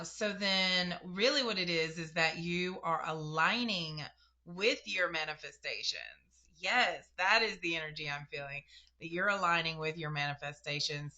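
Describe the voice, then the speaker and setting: A young woman giving a casual spiritual reading, talking straight to her viewers in a chatty, emotional way. Her voice is bright and a little low, and she takes her time. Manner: chatty and emotional, addresses viewers directly, laughs and gasps. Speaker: spiritual reader.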